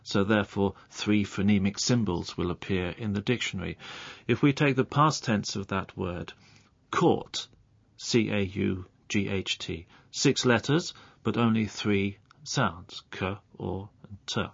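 A man explaining English pronunciation as a radio guest, speaking clearly and carefully and saying example sounds out slowly. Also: lowish voice, no echo. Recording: dull lo-fi broadcast audio.

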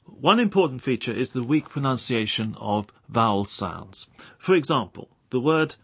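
A man explaining English pronunciation as a radio guest, speaking clearly and carefully and saying example sounds out slowly. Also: mid-range voice, expressive, no echo. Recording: dull lo-fi broadcast audio.

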